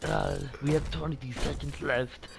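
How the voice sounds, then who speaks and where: A man's voice: fairly high pitch, fairly even intonation, normal speed, gravelly, noisy background. A man trash-talking and teasing a friend while they play a shooter game together. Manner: teasing, playful trash talk. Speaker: gamer co-host. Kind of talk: casual gaming banter. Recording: loud game gunfire behind. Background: video game gunfire and clicks.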